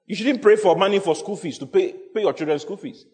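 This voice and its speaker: A man preaching a sermon in a big church hall, his voice trailing off into a long echo. He speaks a little high for a man, hammering on key phrases and throwing questions at the congregation. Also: fast talker, a little mellow. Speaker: pastor.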